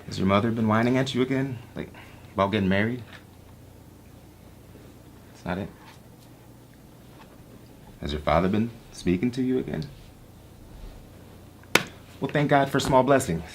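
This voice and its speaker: A man's voice: mid-range voice, expressive, unhurried, creaky, pauses often. A young acting student playing an exasperated young man who pleads with his moody girlfriend in a stage scene. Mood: coaxing. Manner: flustered, pleading, wry. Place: classroom stage. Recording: noisy room ambience.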